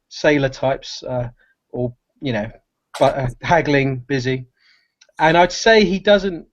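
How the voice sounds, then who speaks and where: Eager man with a lo-fi mic. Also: mid-range voice. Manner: halting, animated, full of fillers. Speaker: player. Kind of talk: describing a character in a tabletop game.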